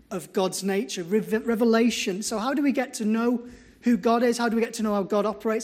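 A middle-aged man, a pastor preaching a sermon in an earnest, storytelling way that builds to slow, emphatic lines. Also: high-pitched, darkish tone.

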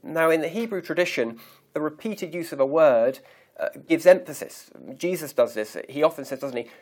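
A man preaching a sermon, reading scripture aloud slowly and deliberately and pausing to stress key words. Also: on the high side, lively intonation, darkish tone. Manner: measured, emphatic reading of scripture.

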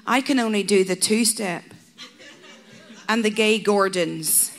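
A woman's voice: mid-range voice, a little slow. A middle-aged woman preaching a sermon, mixing humorous asides with passionate, rising exhortation. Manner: humorous asides that build to a passionate shouted climax.

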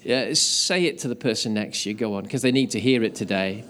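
A man's voice: lowish voice, a little fast, fairly bright tone. A man preaching to his church on Easter morning, telling a joke and then reading scripture aloud in a casual manner. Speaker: pastor. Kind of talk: sermon.

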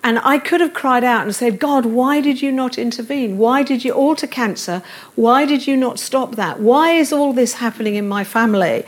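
A woman's voice: a little high, moderate pace. A middle-aged woman preaching a sermon in a church, earnest, with repeated affirmations and light self-deprecating humor. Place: church service room.

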